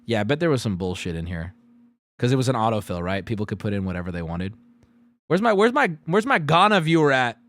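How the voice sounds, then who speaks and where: A man streaming live, reading out survey results in loud, profane, sarcastic casual commentary. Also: mid-range voice, sing-song, quick pace.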